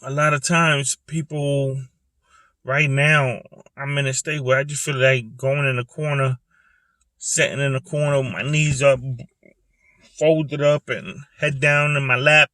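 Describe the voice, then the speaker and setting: A man's voice: medium pitch, fairly even intonation, sharp tone, dry recording. Earnest man talking in his car. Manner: earnest, repetitive, halting, with pauses and restarts. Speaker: vlogger speaking about depression. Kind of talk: personal confessional monologue. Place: parked car.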